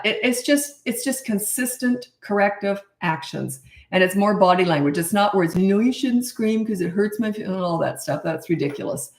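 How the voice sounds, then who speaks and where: A middle-aged woman coaching parents in a casual live Q&A, blunt and chatty, laughing at herself. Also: lowish voice. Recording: roomy echo.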